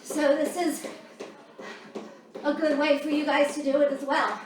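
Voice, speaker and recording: A female fitness instructor leads a workout while doing it herself, breathless as she counts down and calls out moves. Her high voice stays fairly flat and a little slow, and it sounds distant in an echoey room with music and background noise.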